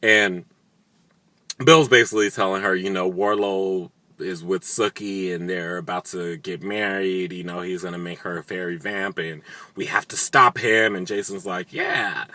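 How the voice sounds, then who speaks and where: A man's voice: low-pitched, sharp tone. Sarcastic, profane man recapping TV. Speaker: video recap host. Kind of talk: casual TV recap.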